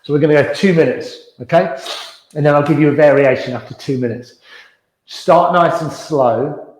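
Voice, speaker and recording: A man teaching a gentle beginners yoga class, calmly cueing breaths and movements and chuckling now and then. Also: a little high, moderate pace. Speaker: yoga instructor. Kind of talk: guided yoga class instruction. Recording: echoey room.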